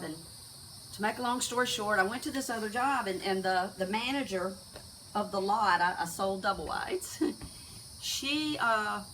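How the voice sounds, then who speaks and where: Bright-voiced woman sharing her testimony. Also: mid-range voice, recorded from a distance, a little hiss or hum, rough recording. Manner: halting, with frequent restarts and fillers. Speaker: testimony speaker. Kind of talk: personal faith testimony.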